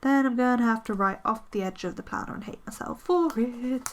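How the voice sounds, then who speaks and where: Here a woman with a slightly high voice speaks a little quickly while she crafts, decorating her planner. As a planner vlogger, she's chatty and self-deprecating, rambling along with plenty of fillers.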